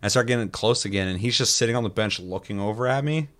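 A man's voice: on the low side, quick pace. A man in casual chat, animatedly retelling a chaotic video game moment with lots of swearing. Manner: animated storytelling, heavy swearing.

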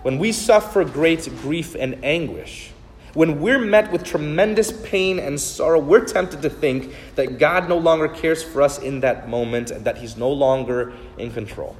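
A man's voice: a little high, unhurried, in a large hall, a little hiss or hum. A man preaching a sermon as pastor, telling a Bible story in an earnest, storytelling way with occasional restarts.

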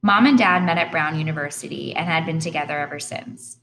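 A woman's voice: low-pitched, brisk, creaky, noisy background. A woman narrating an audiobook in the first person with earnest, plain storytelling.

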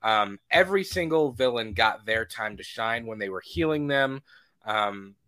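A young man co-hosting a casual movie review podcast, excitedly retelling scenes. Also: mid-range voice, unhurried, clear, resonant tone. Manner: excited, quotes scenes with laughter. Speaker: podcast co-host.

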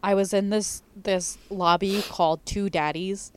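A woman's voice: mid-range voice, fairly even intonation, a little slow, very noisy. A woman casually telling playful stories about online games, acting out what people said. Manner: storytelling, playful, acts out quotes. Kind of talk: casual chat.

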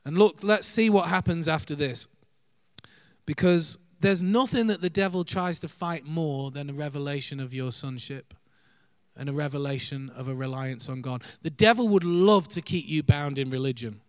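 A man's voice: fairly high pitch, normal speed, dry recording. A man preaching a sermon, earnest, shifting his pace and volume for emphasis, with light laughs.

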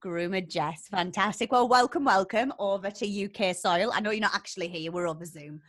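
A woman with a Geordie accent co-hosts a casual chat in an upbeat, giggly way. Her voice is bright and clear. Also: medium pitch, brisk. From North East England. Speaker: co-host.

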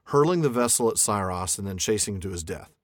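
A man's voice: fairly low pitch, lively intonation, fast, no echo, studio quality. A man co-hosting a podcast in a casual book discussion, thinking aloud and reading quotes with frequent restarts. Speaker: podcast co-host.

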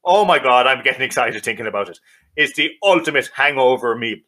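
A man's voice: mid-range voice, animated, fairly quick, bright, forceful tone. A boisterous Irish man co-hosting a podcast, swearing and laughing often in casual banter. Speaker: podcast co-host.

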